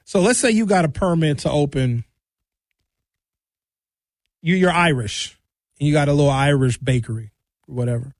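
Male commentator, preachy sarcastic ranter, slightly high voice, dry sound. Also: moderate pace, long pauses, dry recording. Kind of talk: ranting monologue.

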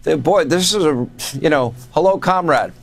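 A man hosting a news talk show, chatty and quick to laugh with his guest. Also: a little high, expressive, creaky. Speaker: host.

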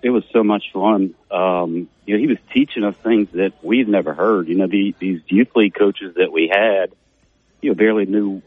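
A middle-aged former player appears as a guest on a casual radio interview, rambling with plenty of fillers. His low voice has a breathy edge and a moderate pace, and the dry, echo-free audio sounds dull and narrow, like a phone line.

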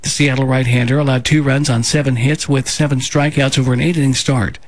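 A man in a radio studio reading local news bulletins in a steady, measured delivery. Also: medium pitch, no room sound. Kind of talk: scripted local news read.

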